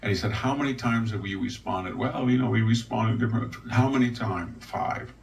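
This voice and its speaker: An older man giving rambling, wry political commentary with a gravelly voice, now and then mocking others in their voices. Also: fairly low pitch, moderate pace. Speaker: guest commentator. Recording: distant mic with faint noise.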